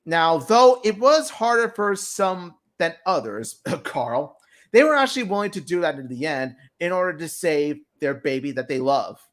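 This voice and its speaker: Excitable man reviewing cartoons. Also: a little high, moderate pace. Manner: excitable, heavy with fillers and restarts. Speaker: fan show co-host. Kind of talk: casual episode review chat.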